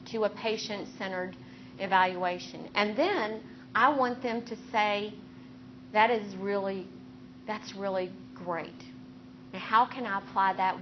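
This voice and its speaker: A woman neurosurgeon giving a faculty lecture on clinical teaching, explaining her approach in an earnest, steady way with personal anecdotes. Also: mid-range voice, lo-fi sound, slight background noise.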